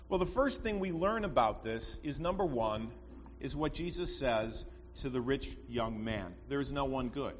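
Conversational preacher in a reverberant church. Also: male voice, medium pitch, lively intonation, moderate pace. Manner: storytelling, conversational with rhetorical asides. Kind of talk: sermon. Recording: long reverb, faint background noise.

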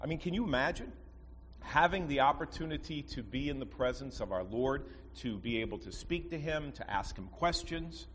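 A man's voice: mid-range voice, lively intonation, normal speed, fairly bright tone. A man preaching a sermon, telling stories in a conversational way with asides to his listeners. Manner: storytelling, conversational with rhetorical asides. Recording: long reverb, faint background noise.

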